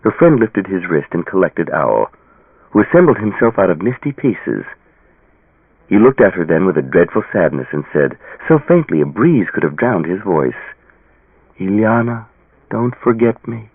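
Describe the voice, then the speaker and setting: A man narrating an audiobook with a dramatic, expressive reading. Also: low voice, moderate pace, slightly rough, dry recording. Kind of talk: scripted narration. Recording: tinny phone-like audio.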